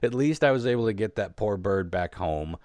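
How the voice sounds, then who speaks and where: A man's voice: fairly low pitch, lively intonation, a little fast, darkish tone, no echo. A man co-hosting a podcast, telling a long story in a rambling, profane, casual way and laughing as he goes. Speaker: podcast co-host.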